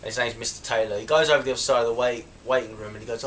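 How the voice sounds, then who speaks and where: A young man recounts events straight to camera in a chatty, indignant tone. His voice sits at a middle pitch, and a little background noise can be heard under it. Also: fairly even intonation, racing, few pauses, fairly bright tone. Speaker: vlogger. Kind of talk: casual storytelling to camera.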